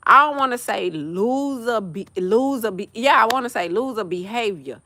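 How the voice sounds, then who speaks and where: A woman's voice: on the high side, normal speed, slight background noise. A young woman, hosting a livestream and talking in a blunt, profane, casual rant. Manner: blunt, profane, animated ranting with laughs. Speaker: livestream host. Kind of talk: casual chat.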